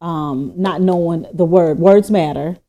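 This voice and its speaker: A woman co-hosting a podcast, talking in a casual, animated way and acting out quoted speech. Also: lowish voice, measured pace. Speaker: podcast co-host. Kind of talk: casual chat. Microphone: podcast microphone.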